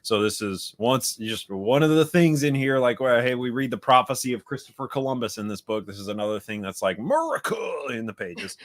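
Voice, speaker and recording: A man's voice: medium pitch, brisk, hardly any pauses. A man on a discussion panel, talking in a mocking, emphatic way and swearing for effect. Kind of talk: casual panel chat.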